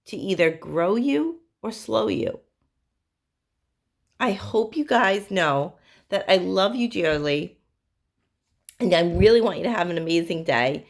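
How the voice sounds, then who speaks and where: A woman psychic medium talks earnestly to her viewers, offering spiritual advice through stories. Her voice sits a little low for a woman. She speaks directly and plainly to the listener. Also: lively intonation, unhurried, vocal fry, pauses often. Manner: earnest, storytelling, direct address.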